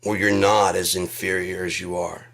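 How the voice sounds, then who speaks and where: A man's voice: sits low, flat delivery, normal speed, gravelly, fairly bright tone. A man delivering a sarcastic, profane comedic rant.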